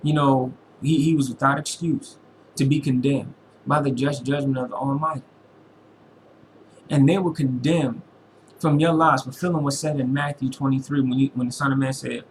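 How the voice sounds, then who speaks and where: A man's voice: mid-range voice, fairly even intonation, moderate pace, slight background noise, poor audio. Preachy man vlogging to his followers. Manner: preachy, quotes scripture, repeats lines for emphasis; informal slangy speech. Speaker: religious vlogger. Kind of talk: impassioned personal monologue to followers.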